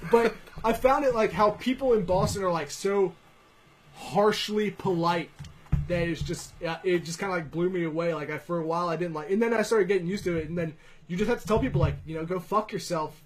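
A man's voice: sits high, a little fast, poor audio. A man from Virginia telling stories in a loose, profane podcast chat, full of fillers. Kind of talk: casual chat.

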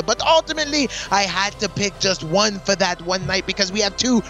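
A man's voice: high voice, a little fast, bright, forceful tone. A man co-hosting a casual show, enthusiastic and playful, with faint music behind. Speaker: co-host of a wrestling show. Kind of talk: casual chat.

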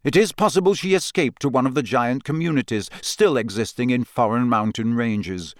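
A man narrating an audiobook in a lively, expressive way. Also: medium pitch, normal speed, no room sound, studio quality. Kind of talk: scripted narration.

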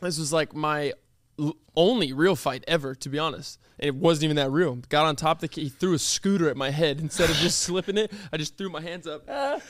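A man's voice: a little high, fairly quick, no room sound, studio quality. A young man co-hosting a podcast, joking and teasing his co-host in casual chat.

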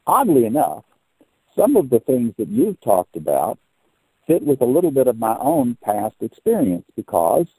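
A man's voice: medium pitch, wildly swooping pitch, normal speed, darkish tone, husky, no room sound, low-quality recording. An older man hosting an interview, explaining his points at length in a folksy, talkative way. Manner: long-winded, explanatory, folksy. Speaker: podcast host. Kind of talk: conversational interview.

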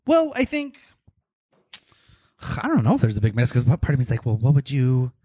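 A man's voice: mid-range voice, huge pitch swings, a little fast, dark tone, no room sound, studio quality. A man co-hosting a podcast, chatting casually, laughing often and restarting his sentences. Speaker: podcast co-host. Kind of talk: casual chat.

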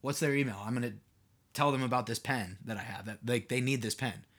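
A man's voice: mid-range voice, brisk, a bit bright. A man hosting his own podcast in a casual solo monologue, rambling and asking his listeners rhetorical questions with lots of "like"s. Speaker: podcast host and mentor.

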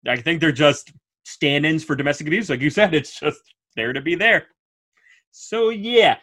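A man co-hosting a podcast, chatting casually in an animated, rambling way and laughing often. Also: on the high side, normal speed. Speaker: podcast co-host. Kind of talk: casual chat.

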